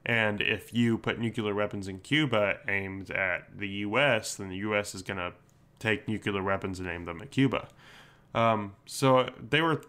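A man's voice: on the low side, normal speed, sharp tone, clean tone. A young man with a Southern accent, telling history in a rambling, casual way as a podcast co-host. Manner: rambling, laid-back storytelling with fillers.

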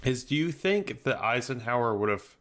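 A man's voice: medium pitch, expressive, moderate pace, fairly bright tone. A young man co-hosting a casual history podcast, chiming in with blunt, wry remarks. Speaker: podcast co-host.

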